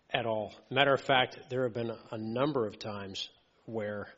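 A man's voice: lowish voice, a bit bright. A man preaching a sermon in an easygoing, conversational way, often checking in with "okay" and "right". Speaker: lay preacher. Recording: muffled audio with long hall reverb.

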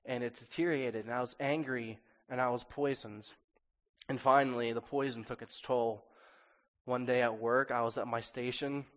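A man's voice: mid-range voice, a bit bright. A young man with a sore throat preaching a sermon and telling his own story in an earnest, candid way. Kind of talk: sermon with personal testimony. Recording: dull sound with long reverb in a hall.

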